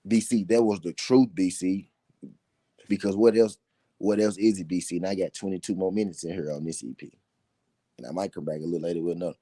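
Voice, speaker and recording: Deep, dark-voiced man talking boxing. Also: steady tone, dry recording. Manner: emphatic, repeats points slowly for effect. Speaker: boxing talk show host. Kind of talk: casual boxing commentary.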